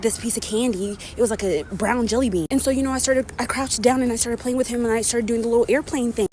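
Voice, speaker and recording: A breathless woman rants at speed, swearing and dramatizing as she goes. Her voice sits a bit high, with faint ambient noise behind her. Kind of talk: casual rant.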